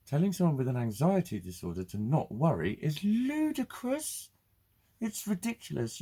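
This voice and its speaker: A man's voice: on the high side, huge pitch swings, moderate pace, dark tone, slightly rough. A man ranting bluntly and swearing in a casual vlog. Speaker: vlogger. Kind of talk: casual ranting monologue to camera.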